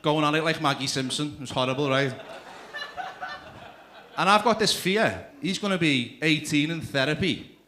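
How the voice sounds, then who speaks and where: A man's voice: a little high, lively intonation, moderate pace, pauses often, noisy background. Crude chatty stand-up man. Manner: crude, chatty storytelling with asides to the crowd. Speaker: stand-up comedian. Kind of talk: stand-up comedy routine. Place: comedy club stage.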